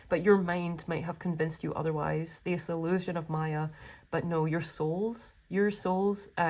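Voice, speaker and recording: Gushing, lower-pitched woman tarot reader. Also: darkish tone. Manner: gushing, emotional, rambling with many fillers. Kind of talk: pick-a-card tarot reading.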